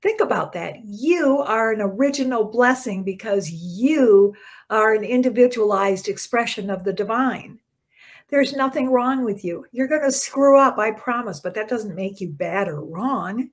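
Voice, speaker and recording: A woman minister giving a short spiritual talk in a conversational preaching manner, with soft dropped endings and sudden bursts of emphasis. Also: on the high side, expressive, a little slow.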